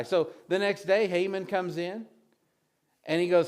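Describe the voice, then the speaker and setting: A man's voice: high-pitched, moderate pace, a little mellow. Give me a man preaching casually, reading scripture and chatting through the story. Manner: conversational preaching, with many restarts and asides; retells scripture with acted voices. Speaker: pastor.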